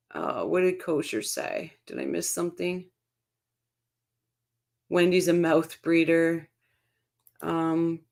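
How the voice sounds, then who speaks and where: Lady on a true crime stream, lowish voice, reading chat out loud n reacting. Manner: chatty, reads viewer comments aloud and reacts. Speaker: livestream host reading chat.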